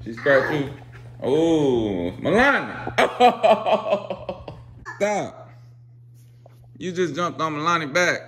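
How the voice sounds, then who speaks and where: A man's voice: fairly high pitch, sing-song, very slow, pauses often, fairly bright tone. A young man hosting a casual home vlog, playfully coaxing kids and dogs and laughing often. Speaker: vlogger. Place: home kitchen. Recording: noisy home recording.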